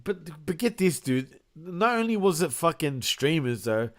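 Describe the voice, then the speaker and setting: A man's voice: a little high, very animated, unhurried. A man co-hosting a crude, casual podcast chat, laughing often and saying "bro" a lot. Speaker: podcast co-host.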